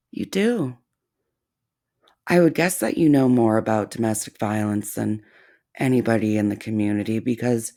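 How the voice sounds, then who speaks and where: A man hosting a reaction commentary, speaking in a sarcastic, mocking way with deliberate, drawn-out phrasing. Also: medium pitch, vocal fry, warm tone. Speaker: commentary channel host.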